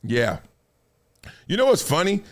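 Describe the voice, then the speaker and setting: A man hosting a live sports talk stream, lecturing his viewers in a casual, slangy, animated way with laughs between points. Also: fairly high pitch, measured pace. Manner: animated, preachy, drops into quoted voices. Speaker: sports talk show host. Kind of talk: live-streamed commentary monologue.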